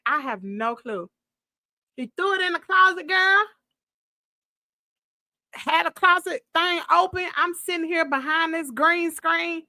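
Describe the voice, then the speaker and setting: A woman's high voice, a little slow and free of room sound, leads a casual livestream from her home's downstairs office and its green screen. She tells her story with animated, gossipy Southern flair, though fumes from bug spray set her coughing.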